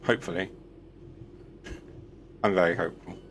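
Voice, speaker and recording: Chatty lower-voiced man. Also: moderate pace, a bit bright, slight background noise. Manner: chatty, rambling, self-deprecating. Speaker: live streamer. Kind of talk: casual live-stream chat.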